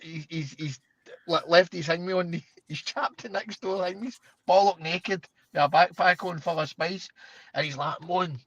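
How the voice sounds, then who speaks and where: A man's voice: fairly high pitch, unhurried, a bit bright, no room sound, highs cut off. A man in a casual chat, telling stories with heavy slang, swearing, laughing.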